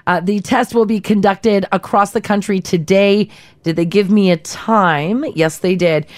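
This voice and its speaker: Female co-host, mid pitch, dry studio voice, chatty reader. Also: steady tone, unhurried, dry recording. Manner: reads news items in a friendly chatty way. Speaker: radio co-host. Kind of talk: casual news chat.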